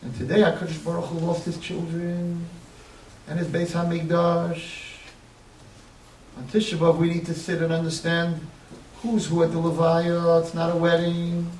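A man's voice: a little high, monotone, moderate pace, a little mellow, a little hiss or hum. Impassioned preacher man in an echoey hall. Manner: impassioned, building to crying pleas. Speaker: rabbi. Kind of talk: sermon. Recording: echoey, distant mic, faint ambience.

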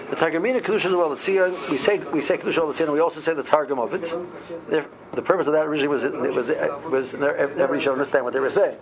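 Halting man teaching. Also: medium pitch, gravelly, low-quality recording. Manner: halting, many ums and restarts, mixes Hebrew and Aramaic terms. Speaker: Torah teacher. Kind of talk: halacha class explaining Jewish law.

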